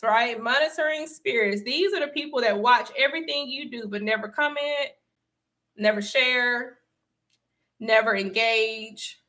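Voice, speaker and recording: A woman's voice: a little high, sharp tone. A young adult woman hosting a casual livestream, talking to her viewers with emphatic repetition and frequent laughs. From Southern United States. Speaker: livestream host and speaker.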